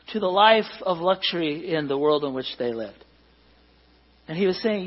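A middle-aged pastor preaching in a church hall, conversational and joking with the congregation. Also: male voice, on the high side, lively intonation, normal speed, lo-fi sound. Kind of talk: sermon.

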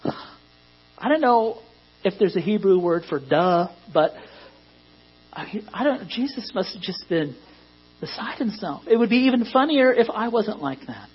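A man's voice: high voice, expressive, moderate pace, husky. A man preaching a sermon to a congregation in a conversational way that rises to emphatic peaks. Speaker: pastor. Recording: dull lo-fi recording with mains hum.

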